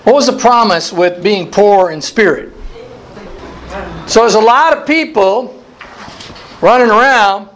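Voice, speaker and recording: A man's voice: high-pitched, a bit bright, poor audio. A man teaching a Bible study as a pastor, asking his listeners questions and repeating key phrases. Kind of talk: interactive sermon.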